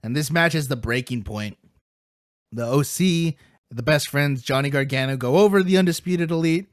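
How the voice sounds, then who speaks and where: A man hosting a podcast in casual chat, excitable, rambling and playfully brash, eating while he talks. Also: fairly high pitch, moderate pace, no room sound, studio quality. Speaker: podcast host.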